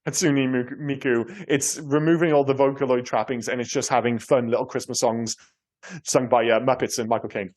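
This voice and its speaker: A man's voice: medium pitch, steady tone, brisk, darkish tone. A man from Cardiff with a Welsh accent, co-hosting a podcast in casual, rambling chat full of restarts and swearing. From Cardiff, Wales. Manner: rambling, self-interrupting, sweary. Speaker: podcast co-host.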